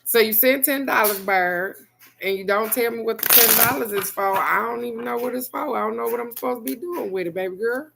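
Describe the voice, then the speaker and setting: A middle-aged woman doing a casual live-stream card reading, loud and animated, swearing freely and laughing big. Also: a little high, fairly quick, gravelly, background noise. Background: faint background music.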